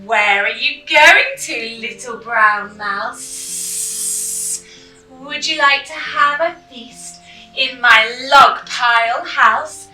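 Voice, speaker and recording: A woman voicing a sly male snake in a storybook read-aloud, speaking in a coaxing, slightly lowered voice. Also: very slow, pushed and bright, full character voice. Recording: echoey room, mic at a distance, faint music.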